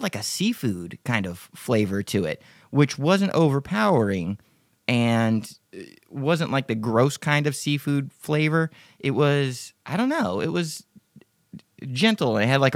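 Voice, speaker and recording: A man's voice: medium pitch, no echo, studio quality. A man hosting a casual live Q&A podcast, talking in a profane, rambling, joking way. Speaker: podcast host.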